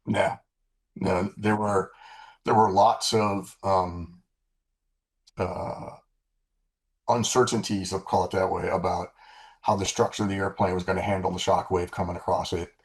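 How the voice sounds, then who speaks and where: Gravelly older man telling war stories. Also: sits low, a little slow, pauses often. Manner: relaxed anecdotes with frequent restarts and profanity. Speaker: former fighter-bomber pilot, guest. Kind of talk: casual storytelling interview.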